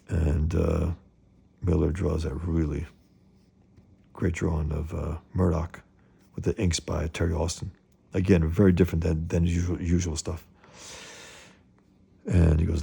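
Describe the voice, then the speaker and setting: A man giving casual, opinionated commentary on comics, often halting and restarting as he wanders off topic. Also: sits low, flat delivery, gravelly, warm tone, husky.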